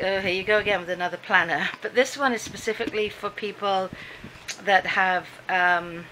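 A woman's voice: mid-range voice, vocal fry, bright, forceful tone, slight background noise, poor audio. A British woman chatting casually to the camera at home, rambling and easily amused as she talks through her day. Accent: British English. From Britain. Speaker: vlogger. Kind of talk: casual vlog chat. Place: home, indoors, dim room.

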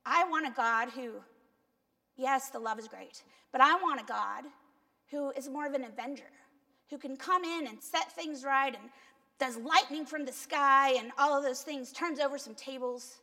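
With church hall reverb in the background, a high-pitched woman speaks at normal speed in a pushed, bright voice. She's a pastor from Cuba with a Cuban accent, giving a self-deprecating, conversational sermon and asking her congregation questions.

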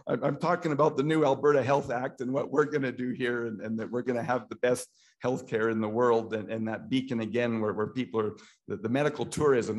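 Man speaking with heated halting repetition. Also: medium pitch. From Canada. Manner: repeats words and restarts often, grows heated and emotional. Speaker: speaker at a political meeting. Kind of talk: impassioned public talk.

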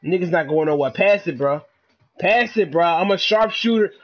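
A man giving excitable, trash-talking commentary while he plays a game, dropping to low mutters and then bursting into shouts. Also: moderate pace. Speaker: gamer. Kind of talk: live gameplay commentary.

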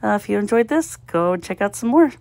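An animated woman vlogger, speaking a little fast in a medium-pitched, slightly mellow voice with vocal fry, chats to herself while solving a puzzle. She thinks aloud, sounds out guesses, and giggles self-mockingly at her errors. There's no echo on the recording.

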